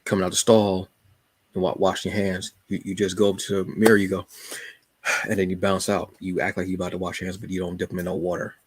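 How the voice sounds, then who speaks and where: An adult man hosts his own channel, chatting casually and jokingly about books and comics, telling stories with plenty of asides. His voice is low and husky, his pace quick, and the recording is dry.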